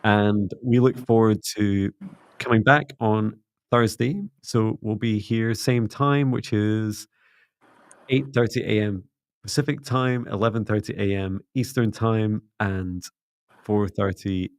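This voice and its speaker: Low gravelly-voiced man, soft-spoken host. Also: fairly even intonation, slow, dry recording. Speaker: psychic mentor and livestream host. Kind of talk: casual livestream chat and guided closing.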